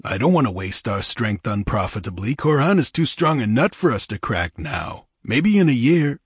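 A man's voice: medium pitch, big pitch swings, moderate pace, breathy edge, no echo, clean studio sound, voice pushed up. A man reading aloud, voicing a hot-tempered, ambitious male bandit chief with a commanding, sardonic manner. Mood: domineering, scornful.

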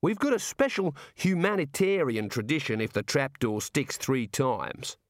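A man voicing a cheerful, chatty prison warder, talking in a folksy, drawn-out way. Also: mid-range voice, sing-song, no room sound, studio quality, voice pushed up. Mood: confiding. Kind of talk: audiobook character voice.

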